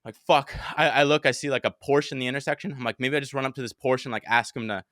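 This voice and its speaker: A young man races through a story in a bright, forceful voice, cursing freely. He acts out his own shouts and panicked thoughts as he goes. The sound is close and dry. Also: mid-range voice, very fast, dry recording. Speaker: podcast host. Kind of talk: casual storytelling chat.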